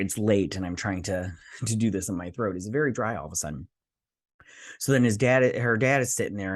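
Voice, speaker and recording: Recorded dry and at studio quality, a man with a low voice talks through an episode review for his TV channel. His delivery is casual and chatty, aimed right at the viewers, with frequent fillers and self-corrections.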